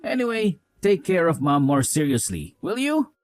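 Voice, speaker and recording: A man's voice: on the high side, big pitch swings, normal speed, faint music behind. A man voicing a young husband who scolds his wife with contempt and sides with his mother in a voiced drama story. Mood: scornful.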